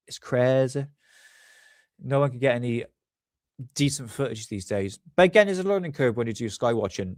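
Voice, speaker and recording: A man's voice: medium pitch, no room sound, clean studio sound. A man hosting a casual livestream, rambling and chatty with a blocked-up nose. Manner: rambling, chatty, self-correcting. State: congested, stuffy sinuses. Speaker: livestream host.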